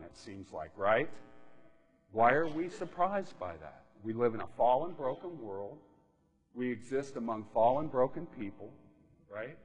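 Preaching in a hall with long, lingering reverb, a male pastor keeps his sermon conversational and often asks his audience "right?" His pitch is medium and his tone fairly bright.

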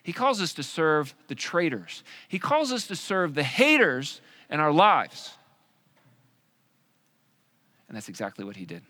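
A male pastor preaching a sermon in an animated, conversational way with joking asides. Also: on the high side, moderate pace, few pauses.

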